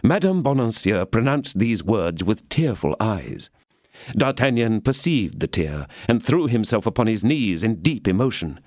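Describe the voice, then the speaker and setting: A man narrating a classic novel as an audiobook, reading the prose in a measured, expressive way. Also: fairly low pitch, dry recording, clean studio sound. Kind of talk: scripted narration.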